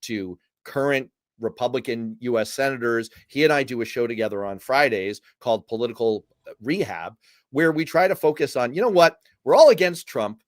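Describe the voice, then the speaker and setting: A male host runs a live-stream political commentary show, feisty and animated, tossing in jokey asides while talking with a guest and reading viewer comments aloud. His voice is medium-pitched, and the studio-quality recording has no room sound.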